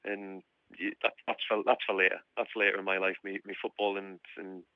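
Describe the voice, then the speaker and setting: A man's voice: low voice, level tone, brisk, no echo. A man, a footballer chatting casually as a guest, calling everyone mate. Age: 30s. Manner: chatty, says mate a lot. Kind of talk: casual phone interview. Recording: dull lo-fi phone line.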